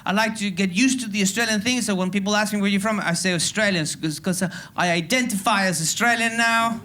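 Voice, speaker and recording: A man's voice: high-pitched, fairly quick, bright, forceful tone. A man from Venezuela with a Venezuelan Spanish accent, hosting a stand-up comedy show and hyping a live crowd with playful energy. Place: theatre stage before a live audience.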